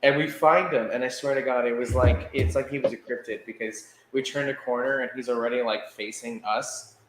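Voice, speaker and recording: A man co-hosting a podcast, telling a story in a casual, animated way and laughing as he acts out what others said. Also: mid-range voice, a little fast, very noisy. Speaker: podcast co-host. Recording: echoey room with faint ambience.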